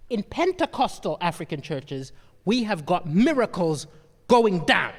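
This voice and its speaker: A man's voice: high voice, a little slow. A man doing a stand-up comedy set, telling stories and checking in with the crowd. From Malawi. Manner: animated storytelling, asks the crowd "right?". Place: comedy venue stage. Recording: long reverb of a hall.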